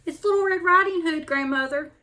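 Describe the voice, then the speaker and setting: Lady putting on a little storybook girl, way up high, sweet and trusting. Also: brisk. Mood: wondering. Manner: high, bright childlike voice.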